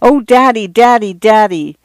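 Narrator putting on squealy little girls, all eager, high and bright, storybook read. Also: big pitch swings, measured pace, dry recording. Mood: excited. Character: excited little girls, young daughters. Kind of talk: audiobook character voice.

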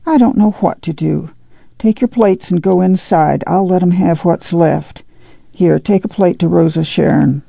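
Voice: medium pitch, measured pace, gravelly, mellow, husky, no echo, muffled recording, heavily acted. A reader voicing a weary, careworn mother in a poor migrant family, speaking in a folksy rural dialect. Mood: distressed.

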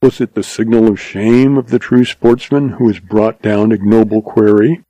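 A man narrating a story in a measured, expressive reading. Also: fairly low pitch, no echo, rough recording.

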